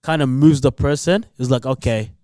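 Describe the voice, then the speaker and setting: A podcast co-host chats casually and in slang, repeating himself and checking that the others are following along. His voice is medium-pitched and somewhat dark, at a moderate pace, recorded dry with clean studio sound.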